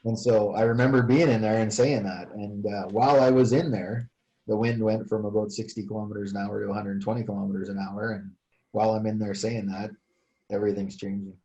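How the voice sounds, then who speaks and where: A low, mellow-voiced older man tells his story as an interview guest, pausing often and restarting his sentences. The recording is muffled and lo-fi, lacking crisp highs. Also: steady tone. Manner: hesitant, many fillers and restarts. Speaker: retired fire chief, guest. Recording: dull lo-fi sound.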